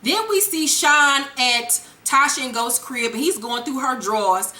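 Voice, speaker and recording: A woman recaps a TV episode in a profane, animated rush and acts out each scene. Her voice is high and bright. The room is echoey. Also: measured pace. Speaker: TV episode reviewer. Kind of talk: casual comic recap.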